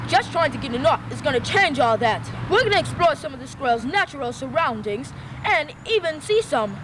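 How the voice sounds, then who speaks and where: A man's voice: very high voice, big pitch swings, pitched above the performer's own voice. A young man putting on a fake Australian nature host. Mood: hammy. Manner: hammy, exaggerated greetings and drawn-out asides. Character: young guy doing a nature-show host with a put-on Australian accent. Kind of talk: homemade documentary narration. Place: outdoors near a road, cold. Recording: home video outdoors with traffic noise.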